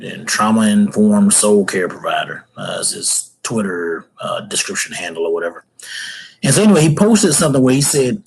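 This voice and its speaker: A husky-voiced middle-aged man talks alone to his audience in a loose, unscripted rant. He hesitates often, filling gaps with ums and uhs and restarting his sentences. His tone stays conversational and earnest. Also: medium pitch, poor audio. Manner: hesitant, many fillers and restarts. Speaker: fatherhood channel host. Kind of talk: casual solo rant.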